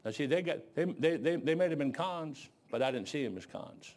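A man preaching a sermon as pastor, telling folksy stories and swinging between low asides and loud exclaiming. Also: lively intonation, a little fast.

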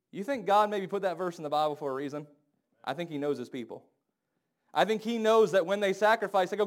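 A married man preaching a sermon, acting out the people he quotes with big jumps in loudness and pitch. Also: fairly quick. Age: adult, married. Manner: animated, acts out quoted voices with big swings in pitch and volume.

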